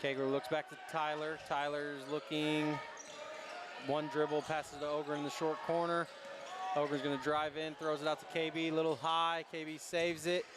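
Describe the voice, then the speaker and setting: Male play-by-play caller, rather high voice with a narrow pitch range, running calls, gym ambience and bouncing balls behind. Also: noisy background. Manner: rapid running calls of each pass. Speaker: play-by-play announcer. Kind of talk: live basketball play-by-play. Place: high school gymnasium.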